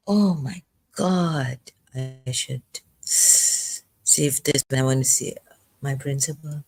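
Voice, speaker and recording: Tearful rambling vlogger, 50s, slow and halting, lots of uhs. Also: medium pitch, fairly even intonation, darkish tone. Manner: rambling, emotional, breaks off with fillers and apologies. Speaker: video blogger. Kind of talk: rambling emotional commentary.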